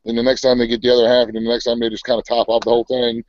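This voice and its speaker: A man's voice: medium pitch, completely flat delivery, racing, darkish tone, no echo, dull audio. A man co-hosting a homestead live show in casual, laid-back chat.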